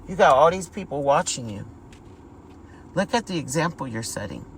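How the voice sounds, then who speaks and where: A woman's voice: deep voice, sing-song, moderate pace, slight background noise, rough recording. A woman giving a casual spiritual vlog monologue, talking emphatically, repeating words and calling her viewers y'all. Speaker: spiritual vlogger.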